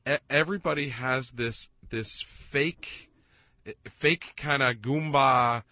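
A man co-hosting a casual chat, telling stories in an animated, emphatic way. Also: mid-range voice, takes it slowly, no echo, muffled recording. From Italian-American, New Jersey. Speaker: podcast co-host.

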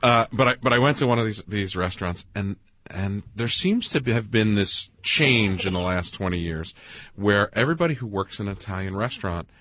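A man co-hosting a radio show, telling stories in a halting way with repeated words. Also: lowish voice, animated. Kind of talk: casual radio talk, storytelling. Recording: dull lo-fi radio broadcast.

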